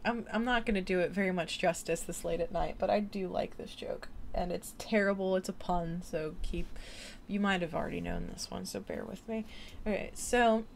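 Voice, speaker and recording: A woman's voice: on the low side, moderate pace, vocal fry, slight background noise. A tired woman streamer chatting late at night, rambling and giggly with lots of fillers. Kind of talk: late-night casual chat.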